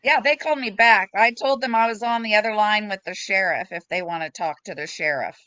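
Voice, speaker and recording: A woman's voice: mid-range voice, fairly quick, pushed and bright, dry recording. A woman sharing her story frankly and emotionally in a group chat, blunt and self-deprecating, speaking from home over a video call. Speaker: support group member. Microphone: computer mic on a video call. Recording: slightly dull video call audio.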